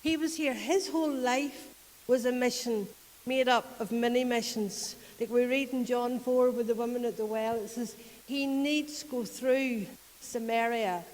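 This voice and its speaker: A woman's voice: a little high, steady tone, moderate pace, darkish tone, long reverb tail, low-quality recording. A woman with a Northern Irish accent preaching a conversational sermon, retelling a story in a chatty way and often laughing. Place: church.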